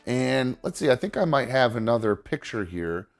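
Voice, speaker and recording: A man with a mid-range, creaky voice talks at normal speed, very animated, over soft background music. He hosts a casual podcast chat, rambling with plenty of fillers and restarts, muttering to himself while fiddling with his setup. He turns sentimental and gets choked up.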